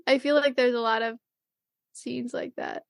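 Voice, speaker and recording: A woman co-hosting a podcast, recapping an anime episode in casual chat, rambling with lots of fillers and quick acted-out quotes. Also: high-pitched, vocal fry, dry recording, clean studio sound. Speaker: podcast co-host.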